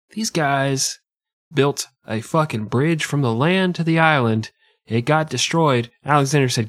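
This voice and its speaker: A man's voice: mid-range voice, no room sound, clean studio sound. A man co-hosting a comedy podcast, ranting crudely in mock seriousness. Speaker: podcast co-host. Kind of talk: casual comedic banter.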